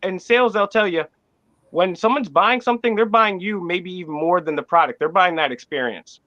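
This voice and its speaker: A man's voice: high-pitched, fairly quick, pushed and bright, dry recording, highs cut off. A man co-hosting a casual panel discussion, joking and acting out little mock dialogues as he talks. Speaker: podcast co-host.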